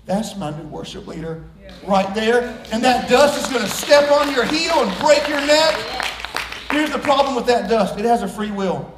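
A man preaching a sermon to a congregation, joking and swinging from hushed asides to loud shouts. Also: high voice, recorded from a distance, slight background noise. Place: church sanctuary. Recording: echoey room, voice from off-mic.

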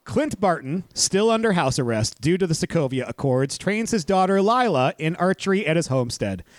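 A man's voice: a little high, sing-song, moderate pace, faint music behind. A man hosting a podcast who recaps a movie plot and chats animatedly, laughing easily. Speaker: podcast host. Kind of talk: movie recap and casual chat.

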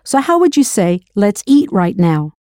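A woman narrates a scripted audio language lesson with a warm, mellow tone. She is recorded close and dry. She patiently poses drill questions and confirms each answer. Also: mid-range voice, very animated, unhurried, no echo. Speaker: language teacher.

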